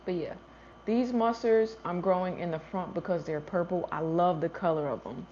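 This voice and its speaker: A woman's voice: on the low side, moderate pace, a little mellow, a little hiss or hum. A woman hosting a gardening livestream in casual chat, answering viewer comments and thinking aloud as she goes. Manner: chatty, thinks aloud, trails off and restarts. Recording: slightly dull lo-fi livestream audio.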